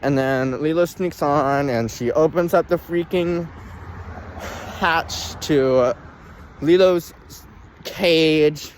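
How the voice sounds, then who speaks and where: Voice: mid-range voice, slow pace, pauses often, slight background noise. A young vlogger reviewing a film in a dramatic, exclamatory way, swinging from groans to shrieks and talking straight to viewers. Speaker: movie reviewer. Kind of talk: casual vlog review.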